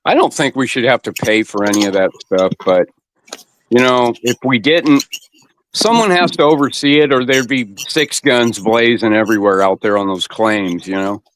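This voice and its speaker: A man's voice: mid-range voice, moderate pace, fairly bright tone, a little hiss or hum. Easygoing man chatting as a stream guest. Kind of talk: casual livestream chat.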